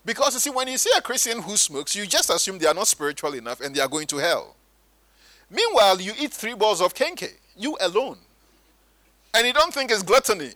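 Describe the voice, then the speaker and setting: A man preaching a sermon, animated and sometimes mimicking churchgoers in higher voices. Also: dry recording, poor audio.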